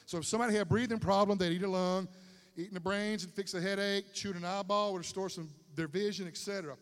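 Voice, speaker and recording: A man preaching a sermon in a lively, conversational way with slang asides, in a large stadium. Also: high-pitched, quick pace. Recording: long hall reverb.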